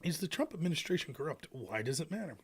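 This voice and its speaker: A man from rural Pennsylvania hosting a political livestream, sarcastic and animated, rambling through his commentary. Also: a little high, fast talker, husky. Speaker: livestream host.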